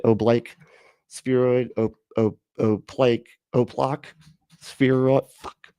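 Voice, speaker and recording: A man's voice: lowish voice, steady tone, slow, mellow, no room sound, clean studio sound. A man hosting a livestream, reacting to a clip with sarcastic, mocking commentary, swearing and laughing often. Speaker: livestream host reacting to a video.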